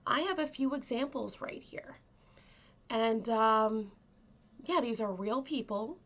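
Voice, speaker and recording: A woman hosts her own channel with a gentle, chatty delivery full of fillers and asides. Her voice sits a little high and sounds stuffy from a cold. The recording is muffled and lo-fi. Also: slow pace. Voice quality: aims to sound calming and kind. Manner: chatty, soft, filler-heavy. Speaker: vlog host. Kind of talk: casual chat to camera.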